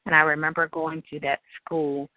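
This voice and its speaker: Animated New woman telling her story. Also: deep voice, normal speed, over a noisy crowd. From New Orleans, USA. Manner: animated, acts out quoted people in raised voices. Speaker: interviewee. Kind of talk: personal storytelling in an interview. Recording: dry, tinny phone-like line.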